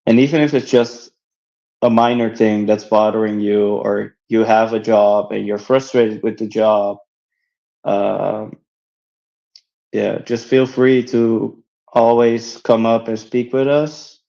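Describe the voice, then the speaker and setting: A man in casual chat on a live audio space, earnest and reassuring, halting with many fillers. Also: lowish voice, little pitch movement, creaky, dark tone. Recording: slightly dull lo-fi audio.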